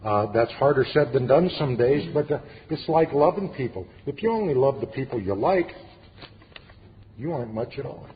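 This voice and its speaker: A man's voice: medium pitch, expressive, normal speed. A middle-aged man speaking at a recovery meeting, telling his personal story earnestly with flashes of dry humor. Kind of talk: personal testimony talk. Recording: echoey hall, dull lo-fi sound with faint hiss.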